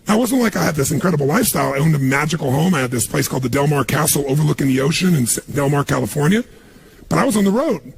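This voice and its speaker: Gravelly, punchy motivational speaker man. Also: on the high side, very fast, a little hiss or hum. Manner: energetic, punchy, fires questions at the crowd. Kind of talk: motivational seminar talk. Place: stage before a live audience.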